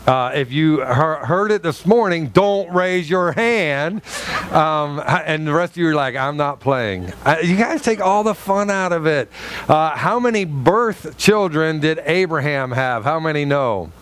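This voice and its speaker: A man's voice: fairly high pitch, lively intonation, measured pace, a bit bright, smooth. A man preaching a conversational sermon, joking with his congregation, quizzing them and acting out quotes from the story. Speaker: pastor. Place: church sanctuary.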